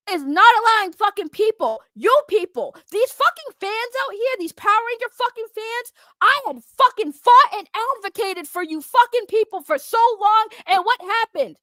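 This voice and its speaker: A woman with a very high-pitched voice rants into a close, dry mic. She is profane and confrontational, hammering her points home by repeating them. The delivery is a heated vlog rant. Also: expressive, moderate pace, hardly any pauses, sharp tone, no room sound. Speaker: online commentator.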